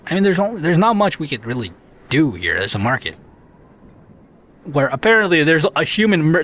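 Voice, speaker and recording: Excitable young man, bright lively voice. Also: on the high side. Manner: excitable, swears, reads game text aloud. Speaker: gameplay commentator. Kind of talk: let's play commentary.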